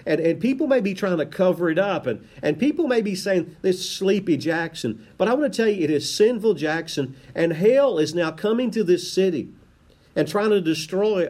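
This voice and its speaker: A man's voice: fairly high pitch, a little mellow. A man preaching a sermon as a pastor, impassioned and emphatic, often repeating words as he builds a point.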